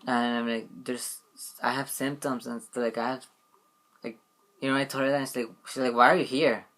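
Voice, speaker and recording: A man's voice: medium pitch, level tone, fairly quick, a bit bright. A young man talks straight to the camera in a loose, rambling way. He keeps circling back on himself with "like" and "you know what I mean". His voice sits in an ordinary middle range. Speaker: vlogger. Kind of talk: casual storytelling vlog.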